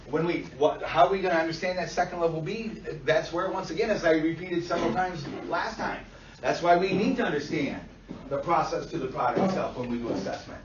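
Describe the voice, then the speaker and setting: A man teaching a class, blunt and animated, swearing freely and acting out what clients say. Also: on the high side, noisy background. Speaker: instructor. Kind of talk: classroom lecture. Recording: far-off echoey lo-fi classroom recording.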